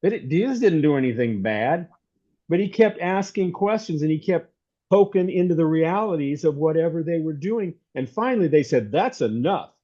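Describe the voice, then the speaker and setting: A man's voice: on the high side, animated, normal speed, warm tone. A man giving an informal, rambling sermon as a pastor, telling stories in a conversational way. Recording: dull lo-fi recording.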